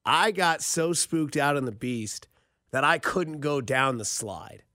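A man in his 30s hosts a late-night radio show, telling jokey stories with lots of energy and putting on voices. His voice is a little high and he takes it slowly, recorded on a studio microphone with clean sound and no echo.

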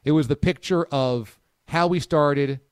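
A man's voice: a little slow, clear, resonant tone, dry recording, clean studio sound. A man hosting a sports talk show, chatting casually and enthusiastically with his co-hosts. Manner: animated, enthusiastic, pitch swings. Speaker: show host.

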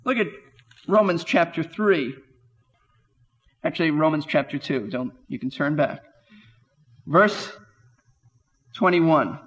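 A man's voice: on the high side, takes it slowly, pauses often, a bit bright, long reverb tail, lo-fi sound. A man teaching through a Bible passage verse by verse, emphatic and full of rhetorical questions. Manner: emphatic, rhetorical questions, quotes scripture with rising voice.

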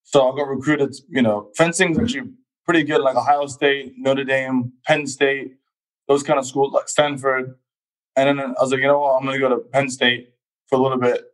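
A man's voice: mid-range voice, moderate pace, low-quality recording. A man from England, in his thirties, telling his life story in a casual chat and acting out quoted voices. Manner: animated, acts out quoted voices. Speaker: guest athlete.

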